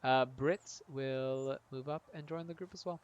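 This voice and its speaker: A man's voice: medium pitch, fairly even intonation, a little slow, clean tone, dull audio. A man narrating a tabletop-style video game on a live stream, chatty and self-mocking.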